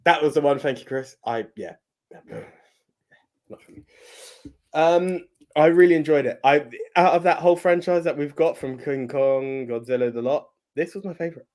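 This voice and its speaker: A man's voice: fairly high pitch, normal speed, a little mellow. A man co-hosting a movie podcast in casual chat, hesitant and often repeating words. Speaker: podcast co-host.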